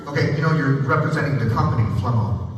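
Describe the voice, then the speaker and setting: A man's voice: medium pitch, quick pace. Playful stage hypnotist man, far and echoey. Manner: playful, teasing, bossy with volunteers. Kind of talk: live stage show patter. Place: live theater stage before an audience. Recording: echoey hall from far off, noisy.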